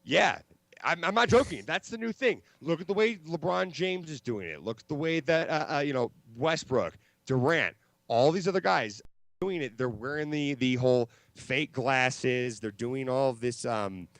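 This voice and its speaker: A man co-hosting a casual comedy chat show, rambling and halting with fillers as he calls in from home. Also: mid-range voice, lively intonation, gravelly, fairly bright tone, dry recording. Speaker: podcast co-host. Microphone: home mic over a call link.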